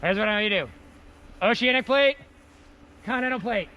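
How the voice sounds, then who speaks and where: Brief: very high-pitched man teaching a lively outdoor lesson, faint traffic behind. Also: fairly quick, lo-fi sound. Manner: playful, energetic, repeats key words. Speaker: science teacher. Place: outdoors in snow.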